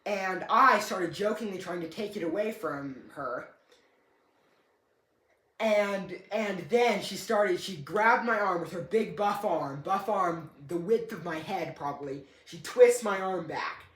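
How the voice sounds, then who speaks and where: A man's voice: high-pitched, unhurried, fairly bright tone. A young man casually telling a story, rambling and correcting himself, with a dry, joking humor. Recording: echoey room.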